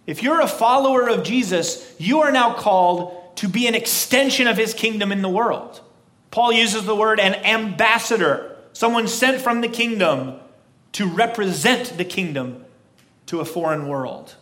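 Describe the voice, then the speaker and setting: High-voiced man preaching emphatically. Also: lively intonation, fairly bright tone. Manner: emphatic, repetitive preaching cadence with slow stresses. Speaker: pastor. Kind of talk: sermon.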